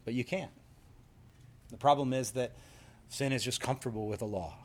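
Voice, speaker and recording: A man's voice: medium pitch, moderate pace, long pauses. A man preaching a sermon in an earnest, emphatic way, explaining scripture and telling stories. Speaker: pastor.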